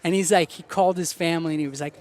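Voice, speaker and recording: A man with a slightly high voice tells stories as a podcast guest. He talks casually and animatedly, slipping into quoted voices of the people in his anecdotes. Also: steady tone, racing, darkish tone. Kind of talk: casual storytelling.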